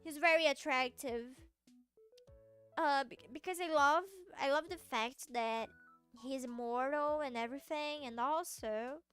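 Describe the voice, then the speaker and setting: A woman's voice: sits high, unhurried, a bit bright, soft background music. A woman streamer chatting casually and playfully with her viewers, giggling and stumbling over restarts. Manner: playful, giggly, answers chat with stammering restarts. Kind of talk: casual livestream chat.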